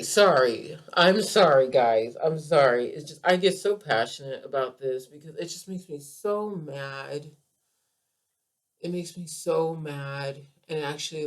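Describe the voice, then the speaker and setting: Woman, podcast host, keto coach, passionate monologue, emphatic, animated, repeats herself for emphasis. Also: low voice.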